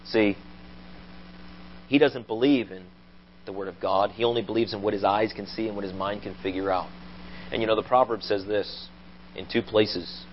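Male preacher telling sermon stories with animated delivery, dull low-fi church recording. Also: a little hiss or hum. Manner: animated storytelling, rising to loud acted quotes.

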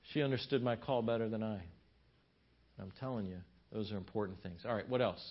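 A man's voice: on the low side, fairly quick, dull audio. A middle-aged man, a pastor, telling stories at a marriage seminar and acting out his wife's lines in a raised voice.

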